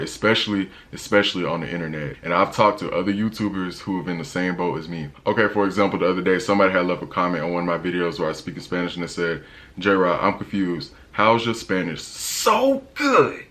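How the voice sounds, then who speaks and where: A man's voice: low voice, a bit bright. An American man, a young adult, talking casually to camera in a travel vlog, slangy and emphatic. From United States. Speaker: travel vlogger.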